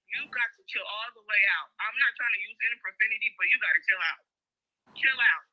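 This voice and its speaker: A woman's voice: on the high side, fast talker. A woman calling in to a talk show, heated and insistent, heard through a phone. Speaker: caller. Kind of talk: phone call-in. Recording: dull phone line.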